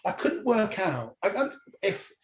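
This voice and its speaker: A man, a stand-up comedian, telling a long personal story in an animated way, acting out the voices of the people in it and swearing freely. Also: sits high, unhurried. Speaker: comedian guest. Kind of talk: anecdotal storytelling. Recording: echoey room with faint noise.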